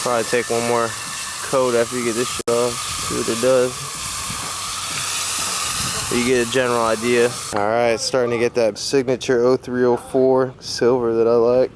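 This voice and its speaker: A man's voice: medium pitch, monotone, moderate pace, heavy background noise. A man chatting casually in a slangy, laid-back way as he narrates a vlog from his garage workshop. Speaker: motorcycle vlogger.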